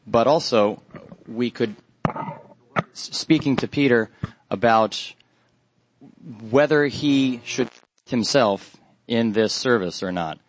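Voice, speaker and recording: A man giving an expository Bible study sermon, earnest and halting, lifting his voice on quoted questions. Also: medium pitch, a little hiss or hum, low-quality recording. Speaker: Bible teacher.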